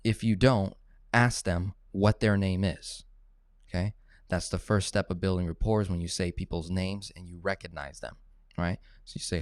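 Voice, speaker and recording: Low-voiced man coaching on finance. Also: fairly even intonation, moderate pace, no echo, clean studio sound. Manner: coaching, tag questions like "right?" and "okay?", acts out phone calls. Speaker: finance educator. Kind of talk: casual teaching talk.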